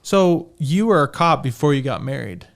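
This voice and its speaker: A man's voice: fairly high pitch, animated, normal speed. A man hosting a podcast, chatting casually and poking fun at himself while asking questions. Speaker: podcast host. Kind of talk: casual interview chat.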